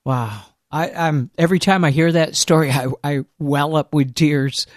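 A man's voice: fairly high pitch, moderate pace, dry recording, clean studio sound. A man hosting a casual interview, earnest and emotional as he responds. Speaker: podcast host.

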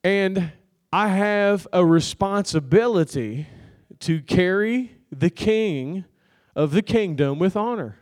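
A man's voice: high voice, animated, slow pace. A man preaching a sermon, telling a story in a loose, conversational way and calling out to the congregation for an amen. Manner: conversational storytelling with laughs and crowd call-outs. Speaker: pastor.

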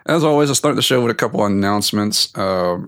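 A man's voice: on the low side, lively intonation, quick pace, a bit bright, no echo. A man hosting his podcast in a loose, rambling chat. He corrects himself mid-sentence and chuckles as he goes. The sound is dry and close, with no room around it. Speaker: podcast host. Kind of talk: casual unedited podcast chat.

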